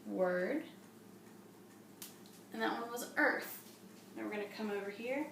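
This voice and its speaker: A woman's voice: a little high, creaky, sharp tone. Patient teacher woman, echoey room. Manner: slow, patient, encouraging classroom tone. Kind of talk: early reading lesson for young children. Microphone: camera a few steps away. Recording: echoey room from a distance, faint hum.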